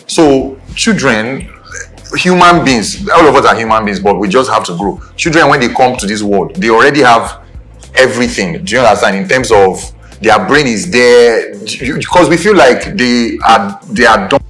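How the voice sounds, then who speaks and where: A man's voice: mid-range voice, moderate pace, soft background music. A young adult man with a Nigerian accent, co-hosting a casual chat and often checking "do you understand". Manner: animated, repeats "do you understand". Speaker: podcast co-host.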